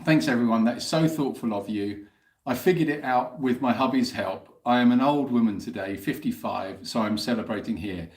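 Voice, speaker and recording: A man's voice: medium pitch, normal speed, darkish tone. A man hosting a casual live Q&A stream, chatting, teasing and reading out viewer messages. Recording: roomy echo.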